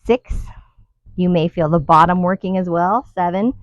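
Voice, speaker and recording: A woman's voice: lowish voice, moderate pace, no room sound, dull audio. A woman leading a guided workout outdoors, counting reps and coaching with light laughs. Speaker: fitness instructor. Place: outdoors in the wind.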